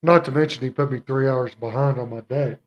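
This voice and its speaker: A man in casual conversation, giving relaxed, brief replies and plain opinions. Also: medium pitch, brisk, lo-fi sound. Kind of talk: casual chat.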